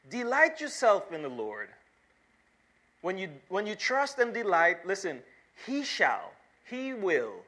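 A man delivers a sermon as a pastor, his voice sitting a little high and ringing bright and forceful. He reads scripture aloud and presses his points by repeating words and building emphasis. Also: big pitch swings, normal speed.

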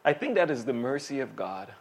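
A man preaching a sermon as pastor, animated and emphatic, with vivid everyday asides. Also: mid-range voice, brisk, gravelly.

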